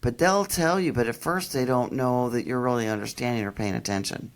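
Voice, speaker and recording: A middle-aged woman dog trainer, enthusiastic and animated, explaining how to read pets in a casual interview. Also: very deep voice, brisk.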